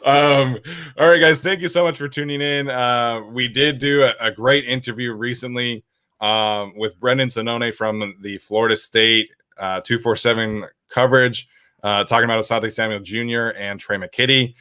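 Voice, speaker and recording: Bright-voiced young man hosting. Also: medium pitch, steady tone, normal speed, clear, resonant tone, no echo, clean studio sound. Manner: rambling, many fillers, reads viewer questions. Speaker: podcast host. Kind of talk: casual sports podcast chat.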